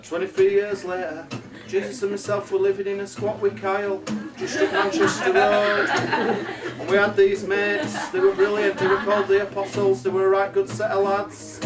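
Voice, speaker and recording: A man's voice: high-pitched, monotone, normal speed. A man telling a rambling, sweary comic story between songs, often laughing. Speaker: comic singer-songwriter. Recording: live room echo, heard from a distance, over loud music.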